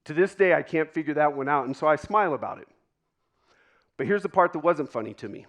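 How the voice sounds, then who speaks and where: A man speaks from a stage to a live audience in a slightly higher-than-usual voice. He tells a personal story with dramatic pauses. At tender moments he drops almost to a hush. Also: animated. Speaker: keynote speaker.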